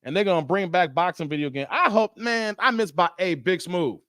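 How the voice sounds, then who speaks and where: A man with a fairly high voice hosts a casual live stream. He jokes with his chat in a loose, rambling way and laughs often. The sound is dry and close. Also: brisk, a bit bright, no echo. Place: Las Vegas.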